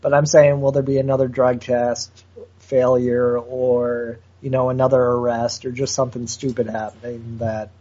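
A man's voice: medium pitch, flat delivery, moderate pace, warm tone, dull audio. A man co-hosting a podcast, plainspoken, presenting sports news and putting questions to his co-host. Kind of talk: casual sports chat.

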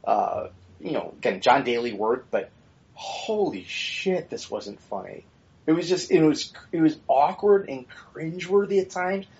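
A man's voice: a little high, lively intonation, measured pace, a little mellow, dull audio. A man co-hosting a podcast in casual, opinionated chat, blunt and swearing freely with rambling asides. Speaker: podcast co-host.

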